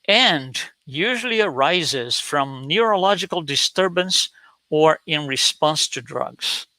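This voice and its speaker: Man giving a slide talk, bright tone. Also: fairly high pitch, animated, takes it slowly, dry recording. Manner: storytelling, frequent restarts and fillers. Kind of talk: lecture with slides.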